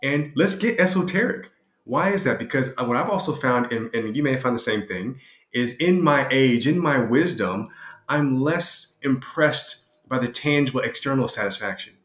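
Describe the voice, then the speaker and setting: A man's voice: mid-range voice, animated, moderate pace, a bit bright, reverberant. A man speaking as a guest in a reflective interview, passionate and emphatic, often repeating his words. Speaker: guest, retreat co-host.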